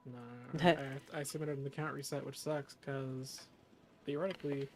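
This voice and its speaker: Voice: medium pitch, steady tone, moderate pace, a crowd in the background. Rambling, filler-heavy co-host, mid-range voice, faint music behind. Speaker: co-host in a game stream. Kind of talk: casual chat.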